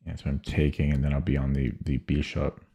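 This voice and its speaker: A man streaming chess puzzles, thinking aloud in halting, muttered phrases and correcting himself as he goes. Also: rumbling low, little pitch movement, gravelly, warm tone.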